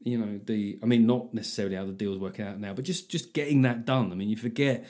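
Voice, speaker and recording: A man's voice: lowish voice, fast talker, warm tone. A man hosting his own podcast, talking in a rambling, sweary, self-mocking monologue. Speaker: comedian podcast host.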